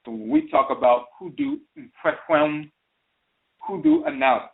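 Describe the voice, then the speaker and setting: A man's voice: on the high side, very animated, normal speed. A man hosting a talk radio broadcast, giving a spoken lecture and carefully repeating and spelling out terms as he explains them. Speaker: radio show host. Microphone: phone call into a talk radio show. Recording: tinny phone line.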